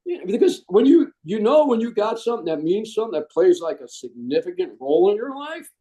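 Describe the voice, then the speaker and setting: A man, a Marine veteran swapping stories, loose, animated, and saying "man" a lot, on a slightly higher-pitched voice. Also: quick pace, breathy edge, poor audio. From United States. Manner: trails off and restarts often. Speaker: Marine veteran telling his story. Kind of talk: casual storytelling interview.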